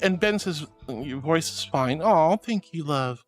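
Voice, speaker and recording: A man's voice: a little high, animated, a little slow, faint music behind. A bubbly, affectionate man streaming and chatting casually as he reads out viewer messages. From Florida. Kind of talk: casual chat reading messages.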